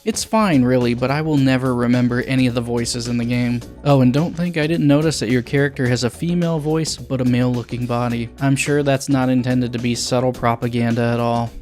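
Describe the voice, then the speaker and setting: A man's voice: medium pitch, steady tone, brisk, few pauses, a little mellow, faint music behind. A young man reviewing a video game, blunt and sarcastic with crude jokes.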